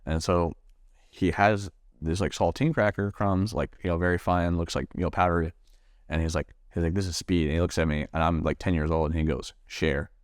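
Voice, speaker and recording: A man with a very deep, smooth voice tells his own story in a sit-down interview. He talks in a halting way, full of fillers and restarts, and swears freely. He is recorded close in a dry space. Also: fairly even intonation, no echo. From Nebraska, USA. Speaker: Marine veteran guest.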